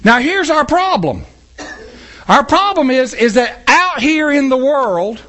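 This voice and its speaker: A man's voice: very high voice, slow pace. A man preaching a sermon in church, acting out scenes with a volunteer from the congregation. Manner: animated, acts out scenes with a volunteer. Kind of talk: sermon with audience interaction.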